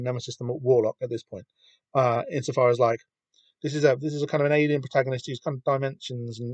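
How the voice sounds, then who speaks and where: A man's voice: mid-range voice, dry recording. A man hosting a podcast, reading through a comic and rambling in loose, casual commentary. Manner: rambling, lots of fillers and restarts. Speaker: podcast host.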